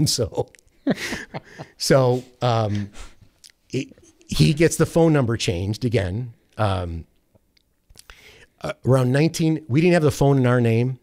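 A man's voice: medium pitch, slow, pauses often. A man with an ordinary mid-range voice spins a long, rambling story from his radio days. He restarts sentences often and acts out the people he quotes. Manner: rambling, animated anecdote with quoted voices and self-corrections. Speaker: sports radio producer, guest. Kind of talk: casual storytelling.

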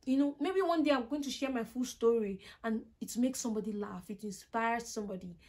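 A young woman speaks to her viewers in a casual, heartfelt vlog. Her voice sits slightly high. She paraphrases verses and encourages listeners with earnest conviction. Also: a little mellow. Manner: earnest, heartfelt, quotes scripture in her own words. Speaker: accounting vlogger. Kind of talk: casual encouraging talk to camera.

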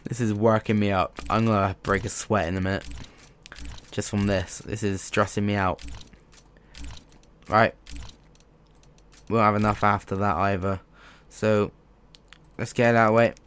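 A man's voice: fairly low pitch, little pitch movement, normal speed, long pauses, a bit bright, smooth. A man commentating as a gaming YouTuber, frustrated and swearing as he pleads with the game. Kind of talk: let's play commentary.

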